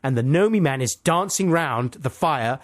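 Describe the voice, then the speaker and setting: A man's voice: medium pitch, animated, normal speed, no room sound. A man co-hosting a comedy talk show, retelling a fairy tale with lots of tangents, asides and caveats. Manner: rambling, tangent-prone, full of asides and caveats. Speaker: radio show co-host. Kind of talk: comic storytelling chat.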